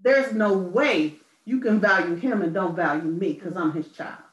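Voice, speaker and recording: A woman's voice: lowish voice, normal speed, lo-fi sound. A woman songwriter speaking earnestly in an interview, searching for her words and repeating key phrases. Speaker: guest songwriter and poet. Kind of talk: personal testimony in interview. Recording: roomy echo from a distant mic.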